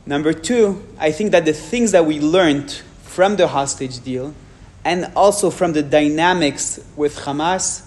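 In a fairly high, slightly mellow voice, a French-accented man delivers a public talk and responds frankly to audience questions, pausing deliberately and restarting at times.

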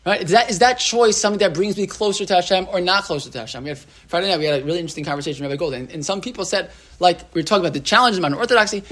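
A male rabbi leads a relaxed Torah class, talking the way people talk in a room. He keeps asking his listeners "right?" and restarts his sentences. He drops Hebrew terms into his English. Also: sits high, racing, hardly any pauses. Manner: chatty, asks the room "right?", lots of restarts and "like".

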